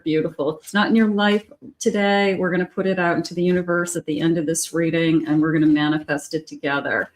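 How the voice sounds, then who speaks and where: A woman doing a tarot reading in a gentle, chatty way, with many fillers and pauses. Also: low voice, fairly even intonation. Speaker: tarot reader.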